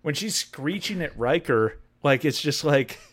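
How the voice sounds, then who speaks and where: A man's voice: a little high, expressive, measured pace, a bit bright. A man co-hosting a casual podcast chat, swearing freely and dropping laughing asides. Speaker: podcast co-host.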